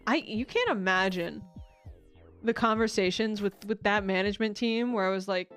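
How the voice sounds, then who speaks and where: A woman's voice: mid-range voice, normal speed, a bit bright, smooth, faint music behind. A young woman streamer in a casual chat, talking freely, swearing and laughing often.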